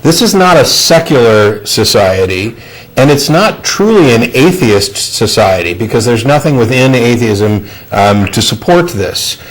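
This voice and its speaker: A man hosting a studio discussion show, speaking in a measured, thoughtful way with frequent fillers. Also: medium pitch, big pitch swings, rough recording. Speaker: show host.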